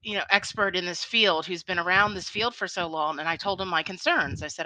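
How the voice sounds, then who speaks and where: Bright upbeat woman with a Philly accent. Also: on the low side, animated, fairly quick, few pauses, no room sound, poor audio. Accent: Philadelphia. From Philadelphia, United States. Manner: chatty and upbeat, laughs often. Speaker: interview guest. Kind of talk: casual interview chat.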